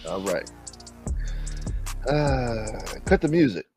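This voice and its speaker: A man hosting a livestream as a mock preacher, loud, joking and animated, chatting casually to his viewers. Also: mid-range voice, normal speed, pauses often, no room sound, clean studio sound, faint music behind. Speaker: livestream host.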